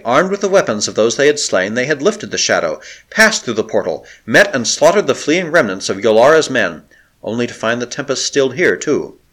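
A male narrator reading a novel aloud with dramatic, expressive delivery. His mid-pitched voice rises and falls widely through the long, flowing sentences. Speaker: audiobook narrator.

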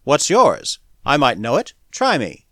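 A man voicing a blunt, tough male space adventurer who speaks in curt, forceful questions. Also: mid-range voice, huge pitch swings, unhurried, no echo, clean studio sound. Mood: brusque. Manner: curt, brusque questions, louder than narration.

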